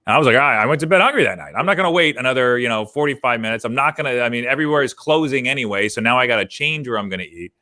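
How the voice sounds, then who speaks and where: A man co-hosting a business podcast in casual chat, telling stories in an animated way that gets heated. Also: mid-range voice, very fast, few pauses, dry recording, studio quality. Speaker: podcast co-host.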